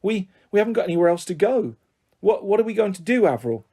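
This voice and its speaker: Man reading as a shy shaky young mum, hesitant, soft mellow tone. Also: fairly high pitch, normal speed. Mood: timid. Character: timid, tearful young mother.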